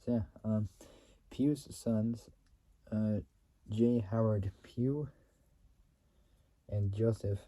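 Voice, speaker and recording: Reading a company's history aloud, this warm-toned man with a fairly low pitch falters often, tripping over words, restating phrases and repeating himself. Throat-clearing interrupts him regularly.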